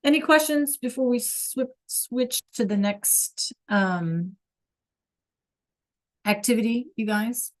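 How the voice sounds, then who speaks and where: A woman teaching a class over a video call, explaining slowly and patiently and checking in with "okay?" all the time. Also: fairly high pitch. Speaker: Spanish teacher.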